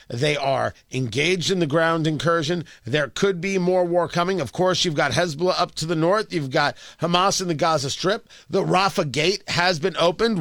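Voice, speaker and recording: A man's voice: a little high, fairly bright tone, dry recording. A man hosting a political talk radio show, delivering a sarcastic, combative monologue into a studio microphone.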